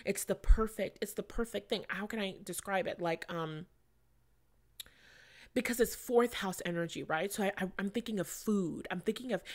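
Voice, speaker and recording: A woman's voice: medium pitch, normal speed. A young adult woman giving a casual astrology reading to her viewers, chatty and rambling, with plenty of fillers and casual swearing. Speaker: astrology reader.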